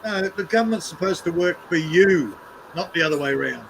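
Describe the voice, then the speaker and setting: Man, blunt sweary rant, slightly raised pitch, casual chat, faint background noise. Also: expressive, fairly quick, gravelly. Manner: blunt, heavily sweary ranting.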